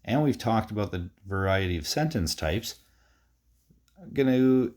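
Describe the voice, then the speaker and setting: Low-voiced male teacher, chatty and relaxed. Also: measured pace. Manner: relaxed, chatty, with frequent fillers; reads aloud with exaggerated expression. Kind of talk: recorded lesson for young students.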